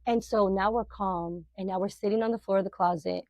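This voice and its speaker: A middle-aged woman, a podcast guest, telling a personal faith testimony in an animated, emotional, filler-heavy way. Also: mid-range voice, brisk, creaky, no room sound.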